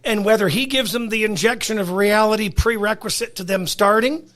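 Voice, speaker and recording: A man's voice: high-pitched, a little fast, a bit bright. A man, a dog trainer guesting on a podcast, telling stories bluntly and swearing freely. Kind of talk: casual chat.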